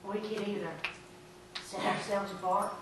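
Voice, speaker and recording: A woman pastor preaching a sermon, telling folksy stories and breaking into animated shouts. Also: medium pitch, measured pace, noisy background. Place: church sanctuary. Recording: echoey church from far off.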